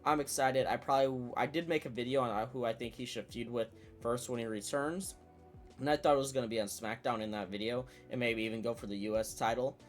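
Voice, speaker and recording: A man hosting a casual recap vlog, talking in an excitable, chatty way with lots of fillers and quick self-corrections. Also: mid-range voice, soft background music. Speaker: wrestling channel host.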